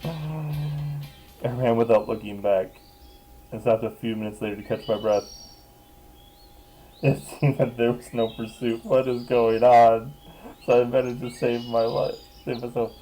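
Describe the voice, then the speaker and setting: A man's voice: medium pitch, unhurried, long pauses, warm tone, faint music behind, low-quality recording. A man casually reading a visual novel aloud, often laughing and breaking off to joke. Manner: giggly, reads narration aloud and breaks off to joke. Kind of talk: casual let's play commentary.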